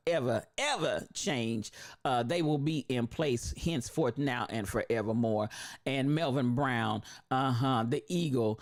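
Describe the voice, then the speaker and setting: A live streamer with a preacher's cadence, who talks exuberantly, repeats phrases and shouts out viewers by name. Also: medium pitch.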